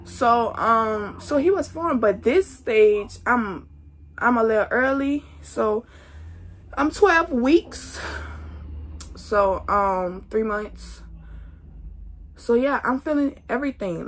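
Young woman, casual vlogger, unhurried and chatty, slightly high voice, queasy. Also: expressive. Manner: chatty, talks straight to viewers as y'all. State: nauseous. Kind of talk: casual pregnancy update vlog.

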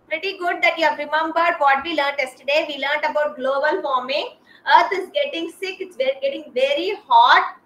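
A woman teaches a kindergarten class over a video call, high-pitched and crisp. She is patient and repeats each sound carefully for small children. The recording has a noticeable roomy echo. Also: bright, forceful tone.

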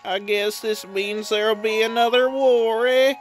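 A woman's voice: a little high, steady tone, unhurried, faint music behind, voice pushed up, natural voice. Woman putting on a Southern warrior villager. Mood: folksy. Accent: American Southern. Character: proud warrior-clan villager.

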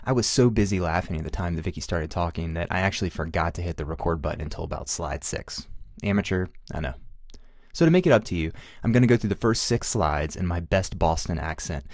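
Man, podcast host, very low voice, upbeat and chatty, dry close sound. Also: a little mellow, no room sound. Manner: upbeat, self-deprecating, chatty. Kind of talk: casual explanatory podcast narration.

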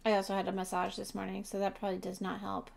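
Woman, gaming streamer, casual commentary, tired, gravelly fry, mid pitch. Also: monotone, quick pace, darkish tone. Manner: chatty, talks to chat viewers. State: tired, yawning.

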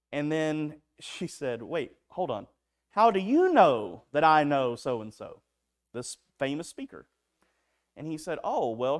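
A man preaching a sermon in a church, telling stories in an earnest way with frequent restarts. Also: a little high. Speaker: pastor. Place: church sanctuary.

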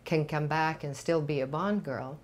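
An older Swedish woman, a native Swede speaking English with a Swedish accent, appears as an actress guest in a candid studio interview. She speaks reflectively and unhurriedly, with frequent pauses and fillers, in a low voice of fairly even intonation.

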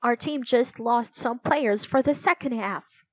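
Brief: brash boy captain, put on by a woman, raised, shouting tone. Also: a little high, unhurried, dry recording.

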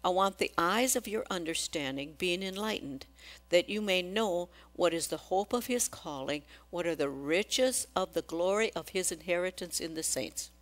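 Woman preaching a sermon, low voice. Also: animated, moderate pace. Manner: questions the congregation, acts out quotes. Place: church.

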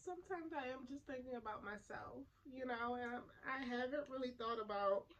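A woman playing an emotional young woman making up with her twin, soft-spoken and hesitant with sighs, in a class role-play. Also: high-pitched, normal speed, slight background noise, low-quality recording. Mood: tearful.

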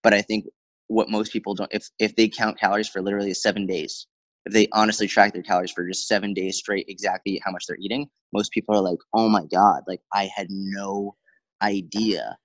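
Guy coaching on diet, lowish voice, dry close sound, quick chatty stories. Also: no room sound, rough recording. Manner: fast, animated storyteller with many fillers and quoted dialogue. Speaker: fitness coach, guest. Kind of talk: conversational interview.

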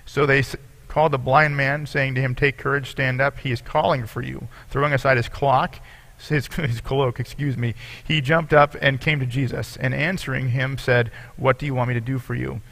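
A man with a gravelly, creaky voice preaching to his congregation. He reads scripture aloud and explains it earnestly, as a pastor would. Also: mid-range voice, fairly even intonation, normal speed, fairly bright tone. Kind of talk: sermon.

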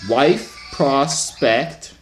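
A man in his twenties trades teasing, slangy small talk with strangers on a video chat app, a casual bit of flirty banter picked up by a computer or phone mic on a video call. His medium-pitched voice draws out words, and music plays in the background.

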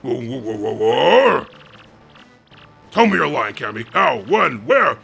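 Bowser, put on by a man: gravelly blustering villain king. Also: medium pitch, big pitch swings, slow pace, fairly bright tone, faint music behind, heavily acted. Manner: gruff, sarcastic and bossy. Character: blustering gruff turtle king villain, male.

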